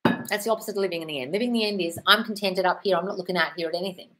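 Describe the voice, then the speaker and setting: A woman's voice: on the low side, very fast, a bit bright. A woman answering chat questions on a casual live stream, blunt and sweary, calling viewers darling.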